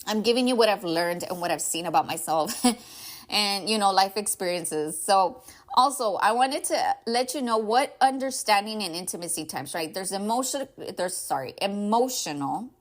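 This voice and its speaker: A woman's voice: mid-range voice, expressive, normal speed. A woman hosting a casual advice podcast, talking in a rambling, heartfelt way, sometimes close to tears. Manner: rambling and heartfelt, with many "like", "right?" and "y'all". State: emotional, near tears at times. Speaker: podcast host.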